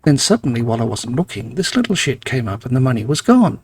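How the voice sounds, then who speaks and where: A man doing a loud, aggrieved game homeless man. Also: sing-song, fast, a little hiss or hum, lightly acted. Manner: louder, slightly raised pitch, indignant.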